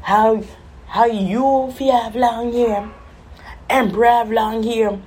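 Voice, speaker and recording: A woman's voice: a little high, steady tone, slow pace, a little mellow, slightly rough, pitched above the performer's own voice. A woman imitating her older mother, a blunt, insistent Caribbean mom.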